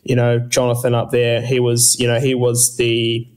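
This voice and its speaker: A young man from New Zealand, a guest athlete chatting casually in an interview, relaxed and rambling with many fillers and restarts. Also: medium pitch, moderate pace. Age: young adult. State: recovering from illness.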